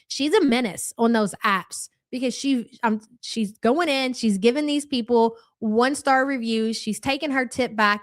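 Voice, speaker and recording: A woman's voice: fairly high pitch, no room sound, clean studio sound. A woman hosting a live reaction stream, talking casually and bluntly with a sarcastic edge as she answers viewer chats and calls them "hun".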